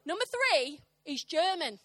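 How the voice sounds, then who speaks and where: Bright, high-voiced woman preaching. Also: measured pace, no room sound. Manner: animated, impassioned, punchy comic timing. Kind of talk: sermon with humorous storytelling. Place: church service.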